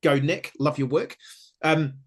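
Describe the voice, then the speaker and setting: A man's voice: a little high, steady tone, unhurried. Upbeat New man hosting a podcast. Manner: chatty, upbeat, many fillers and restarts. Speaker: podcast host. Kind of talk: casual interview chat.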